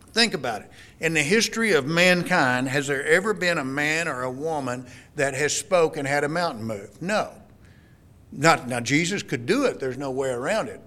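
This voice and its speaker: A man's voice: on the high side, bright, forceful tone. A man preaching a sermon, explaining the text earnestly and often repeating himself as he works through a point.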